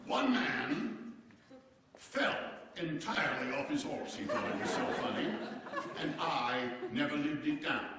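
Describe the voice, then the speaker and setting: A stage performer plays a hearty, boisterous old-time American president in a live one-man show, speaking theatrically and with exclamations straight to a seated audience in a performance hall. His mid-range voice is very animated and genial, at a measured pace, with a loud crowd. The recording is echoey, catching his voice from far off.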